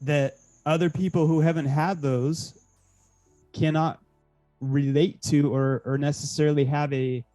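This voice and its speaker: Mellow-voiced man over faint music. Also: a little high, level tone, measured pace, poor audio. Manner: agreeable, stammering restarts, dry jokes. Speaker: co-host. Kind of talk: casual podcast chat.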